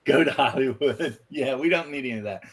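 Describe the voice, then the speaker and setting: A man's voice: mid-range voice, fairly quick, husky. A man from the United States in casual podcast banter, teasing his co-hosts and laughing often.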